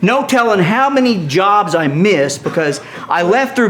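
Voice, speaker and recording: Older male storyteller, lively, laughs a lot, a touch high-pitched. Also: measured pace, a little hiss or hum. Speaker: guest storyteller. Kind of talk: animated storytelling.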